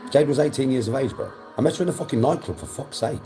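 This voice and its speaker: A man's voice: medium pitch, lively intonation, quick pace, mellow, soft background music. A young man, chatting on a livestream, blunt and defensive, swearing often. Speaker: livestream host. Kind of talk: casual livestream chat.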